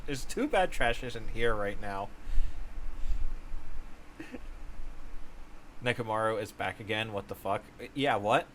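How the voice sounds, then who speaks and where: A man's voice: medium pitch, slow, long pauses, a bit bright, slight background noise. A man live-streaming a game, chatting casually, reading out viewer messages, often laughing and exclaiming. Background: game music.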